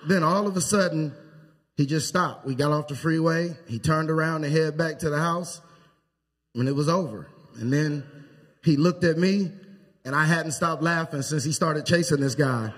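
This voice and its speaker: Man delivering a church eulogy, husky voice, anecdotal and unhurried. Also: a little high. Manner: anecdotal storytelling with pauses. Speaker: eulogy speaker. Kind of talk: funeral eulogy. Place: church sanctuary.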